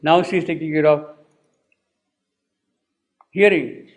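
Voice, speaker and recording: Man, slow poetry lecturer, rereads the lines and explains each word, slightly high voice. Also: steady tone, poor audio. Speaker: teacher explaining a poem.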